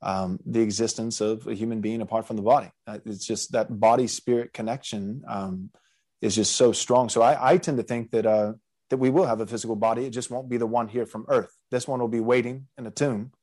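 A man's voice: mid-range voice, steady tone, fairly quick, a little mellow. A man who hosts a podcast as a pastor, thinking aloud earnestly in a casual theological discussion.

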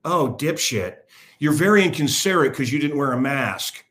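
A man's voice: medium pitch, animated, moderate pace, fairly bright tone, natural voice. A man putting on a lisping, preachy young male shopper in a comic retelling.

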